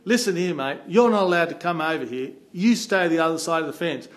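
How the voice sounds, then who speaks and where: A man's voice: a little high, brisk, lightly acted. A man voicing a strict site guard who speaks firmly and scolds. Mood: stern.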